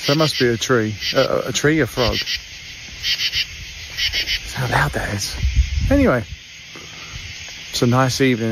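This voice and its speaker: A man's voice: medium pitch, background noise. A man chatting casually to camera from his yard at night. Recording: distant mic with loud night insects.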